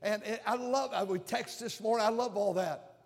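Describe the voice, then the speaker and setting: High-voiced older man preaching in a hall. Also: normal speed. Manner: emphatic preaching with repeated phrases. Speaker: pastor. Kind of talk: sermon. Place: church sanctuary. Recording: long hall reverb.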